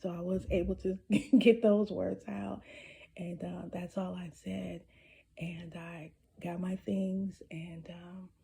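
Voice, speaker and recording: A woman telling a personal story in a casual, halting way, with many restarts and some whispered asides. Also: lowish voice, level tone, creaky, mellow, breathy edge. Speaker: spiritual storyteller.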